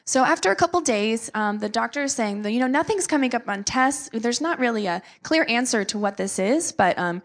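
Earnest young woman with a gravelly edge. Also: a little high, lively intonation, a little fast, few pauses. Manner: earnest, emotional, many fillers. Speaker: missionary speaker. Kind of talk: testimony talk to a church.

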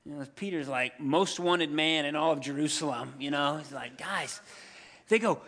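A man in his thirties preaching a sermon, telling scripture stories in a lively, humorous way and acting out the characters. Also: on the high side, normal speed. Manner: animated storytelling, acts out scripture characters with humor. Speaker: pastor.

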